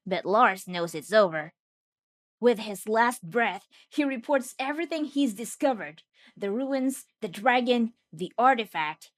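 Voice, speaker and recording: Lively wisecracking woman narrator. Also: fairly high pitch, no echo. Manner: jokey, wisecracking asides. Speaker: anime recap narrator. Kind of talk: scripted comedic recap narration.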